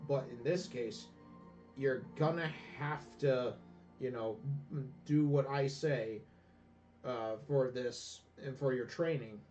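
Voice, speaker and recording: A man's voice: medium pitch, slow pace, darkish tone, close to an everyday voice. Brief: cranky uncooperative bear, voiced offhand by a man, muffled and distant. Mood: grudging. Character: grudging, stubborn bear who resents working. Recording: distant dull lo-fi recording with faint music.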